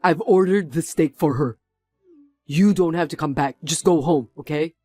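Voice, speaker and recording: A man's voice: on the high side, normal speed, a little mellow, dry recording, faint music behind, lightly acted. A man voicing a company executive who sternly scolds someone for her cruelty in a drama. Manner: stern, reproachful.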